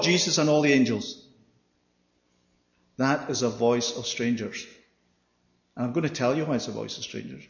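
A man's voice: medium pitch, lively intonation, moderate pace, long pauses, fairly bright tone. A man preaching a sermon with emphasis, often checking in with his listeners by asking "Yeah?". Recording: echoey hall, dull sound.

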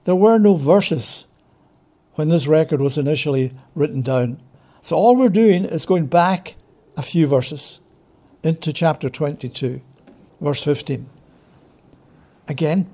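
A man's voice: fairly high pitch, animated, warm tone. A man preaching a Bible study, emphatic and drawing out key words, who asks rhetorical questions and answers them himself. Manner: stretches key words slowly for stress. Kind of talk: expository Bible teaching.

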